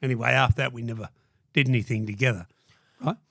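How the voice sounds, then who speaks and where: A man's voice: medium pitch, fairly even intonation, quick pace, creaky, fairly bright tone, no echo, clean studio sound. An older Australian man telling blunt, profanity-laden stories in a casual interview, acting out what people said. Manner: blunt, swears constantly, acts out quotes. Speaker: guest.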